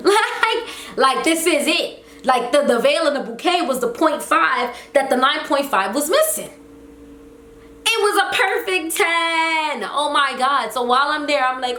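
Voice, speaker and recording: A young woman tells a story to her viewers in a loose, slangy way, acting out the lines of the people in it. Her voice sits fairly high, and the room around her echoes, with faint ambient noise behind. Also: measured pace. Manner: animated, slangy, acts out quotes. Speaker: vlogger. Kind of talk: casual storytime vlog.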